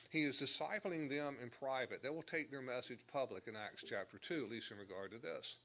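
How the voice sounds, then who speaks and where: A man's voice: medium pitch, a little fast, pushed and bright, muffled recording. A man teaching a Bible lesson, explaining verse by verse and stressing key words. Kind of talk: sermon.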